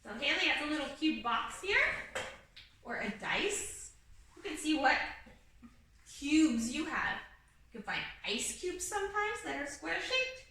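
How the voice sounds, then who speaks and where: A young woman with a high, very bright voice leads a kindergarten lesson in a patient, sing-song teacherly way. She sounds set back from the mic, and the room around her rings with strong echo. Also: slight background noise. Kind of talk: video lesson for young children. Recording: echoey room, mic at a distance.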